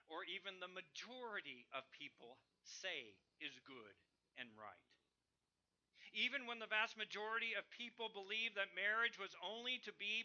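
A male preacher delivers a sermon with a high, piercingly bright voice. He swings from forceful declarations down to quiet, lower asides. The sound is dull and lo-fi.

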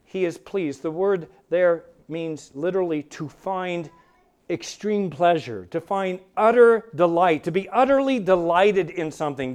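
A man's voice: high-pitched, lively intonation, unhurried, darkish tone, clean tone. A man preaching a sermon, with emphatic delivery that swells and drops for dramatic effect. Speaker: pastor.

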